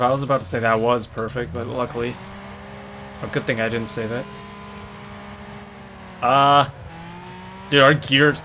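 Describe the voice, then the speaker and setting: A man giving rambling, excitable commentary while he plays a game, often saying "dude", on a desk mic near a noisy computer. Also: medium pitch, moderate pace, pauses often. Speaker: gamer. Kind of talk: casual gameplay commentary. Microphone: desktop mic near a noisy computer. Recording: loud racing game sounds behind voice.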